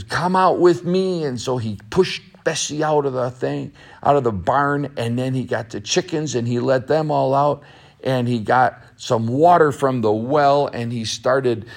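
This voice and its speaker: A man telling a children's story aloud, in a slow, gentle, repetitive way. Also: mid-range voice, vocal fry. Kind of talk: storytelling narration.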